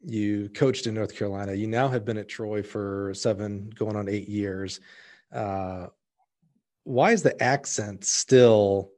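A man's voice: medium pitch, a little mellow. A man hosting a casual interview, joking and easygoing as he asks questions. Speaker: host.

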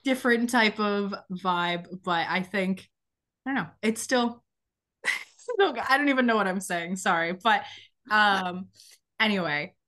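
A woman's voice: mid-range voice, unhurried, pushed and bright. A young woman hosting a podcast interview, chatty and a little rambling, her voice slightly worn from losing it. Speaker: podcast host. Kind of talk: casual interview chat.

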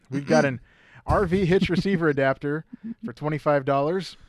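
A man's voice: on the high side, moderate pace, no room sound. A man co-hosting a local radio classifieds show, steadily reading listings and phone numbers while losing his voice. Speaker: radio co-host.

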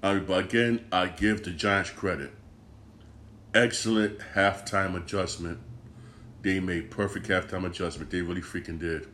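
A man's voice: low-pitched, fairly even intonation, measured pace, bright, forceful tone, slight background noise. Swearing, frustrated male sports podcaster. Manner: frustrated, swears often, repeats himself. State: upset and disgusted. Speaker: podcast host. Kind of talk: casual sports rant.

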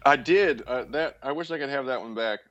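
A man's voice: medium pitch, brisk, dry recording, lo-fi sound. A man guesting on a podcast tells stories in a loose, rambling way, often stopping and restarting his sentences. His voice sits mid-range. It is recorded close in a dry, dead room. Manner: rambling, animated storyteller with many restarts. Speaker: guest, actor and musician. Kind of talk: casual podcast chat.

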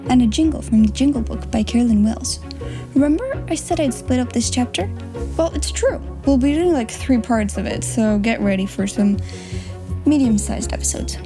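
A woman hosting an audiobook podcast, chatting casually and reading a children's novel aloud. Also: fairly high pitch. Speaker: audiobook podcast host and reader.

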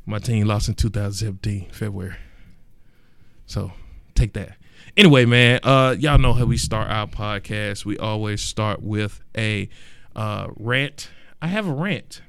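Man hosting a podcast, casual and emphatic, goes big and loud when making a point. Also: fairly low pitch, measured pace, gravelly, clean tone, no room sound. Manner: animated and emphatic, rising to loud exclamations; colloquial, repeats words for emphasis. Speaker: podcast host.

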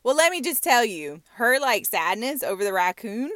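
A young woman from Georgia, co-hosting a podcast and telling a story with animated delivery and frequent laughter. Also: fairly high pitch, normal speed, dry recording. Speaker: podcast co-host. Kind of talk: casual storytelling chat.

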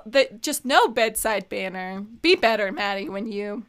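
A young woman co-hosting a podcast, telling a story in casual chat, acting out quotes with lively swearing. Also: medium pitch, unhurried, smooth. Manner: animated storytelling, acts out quotes, swears freely. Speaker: podcast co-host.

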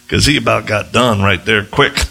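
Male preacher, gravelly and slightly husky, animated storyteller who leaps into high voices when quoting. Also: slow pace, soft background music. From United States. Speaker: missionary preacher. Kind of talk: sermon with storytelling.

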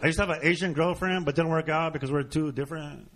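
A man's voice: fairly high pitch, fast talker, background noise. A Mexican-American man doing a brash, profane stand-up comedy set on a club stage before a live audience. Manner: profane, brash punchline delivery.

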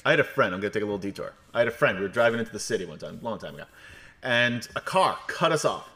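Bright-voiced rambling male game master. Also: on the low side, expressive, very fast. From New York. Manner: joking, rambling, many fillers. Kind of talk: livestream recap and banter.

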